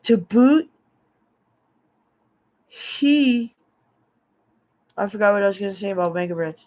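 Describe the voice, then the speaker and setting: A man's voice: high voice, expressive, a little slow, a little mellow. A man, rambling through a personal story and laughing often between remarks. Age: 50s. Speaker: vlogger.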